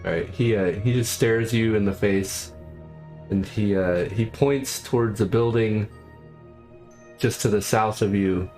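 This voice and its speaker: A man running a tabletop game as game master, narrating in a halting way with frequent fillers. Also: fairly low pitch, darkish tone, faint music behind.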